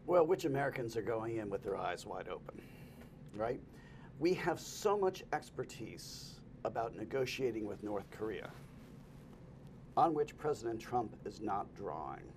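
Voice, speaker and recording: A man's voice: lowish voice, sing-song, a little slow, darkish tone, slight background noise. A man, a sociology professor, answering questions as a guest on a talk radio show in a thoughtful way.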